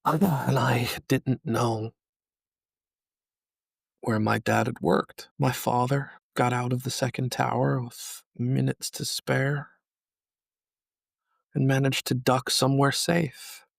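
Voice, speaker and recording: Podcast host, man in his 30s from New York: solemn, measured delivery, gravelly tone, dry close mic. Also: mid-range voice, flat delivery, no echo. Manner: solemn, slow and measured with angry emphasis. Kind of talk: personal reflective monologue.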